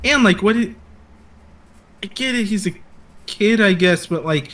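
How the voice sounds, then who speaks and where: Laid-back high-voiced man chatting. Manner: relaxed, drawn-out, many likes and uhs. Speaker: podcast guest. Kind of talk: casual review chat.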